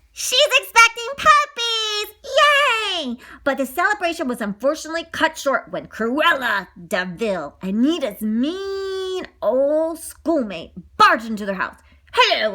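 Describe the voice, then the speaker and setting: A woman reading a children's story aloud, animated and giggly, with gushing asides. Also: a little high.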